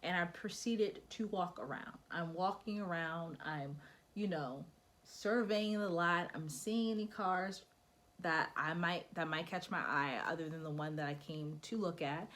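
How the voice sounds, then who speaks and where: A young woman vlogging in a relaxed, chatty way, her voice sitting a little low for a woman. She keeps slipping into quick acted-out exchanges as she gives practical advice. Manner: chatty, acts out quoted dialogue. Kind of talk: casual advice vlog.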